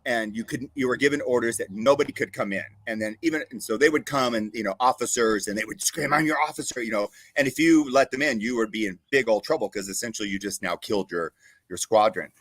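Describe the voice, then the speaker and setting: Male co-host, chatty storyteller, laughs a lot, mid pitch, dry studio sound. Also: quick pace, slightly rough, no echo. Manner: animated, laughing, lots of "like". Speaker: talk show co-host. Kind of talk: casual storytelling chat.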